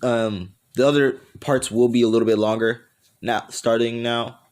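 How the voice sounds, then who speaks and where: A man's voice: medium pitch, fairly even intonation, moderate pace, darkish tone. A man casually improvising a fan story aloud, rambling and self-correcting as he goes and laughing at his own voices.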